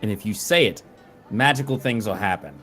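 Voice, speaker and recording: A man's voice: lowish voice, lively intonation, a little fast, fairly bright tone, faint music behind. A man playing a tabletop game, talking in a playful, scheming way. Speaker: player. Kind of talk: tabletop role-play.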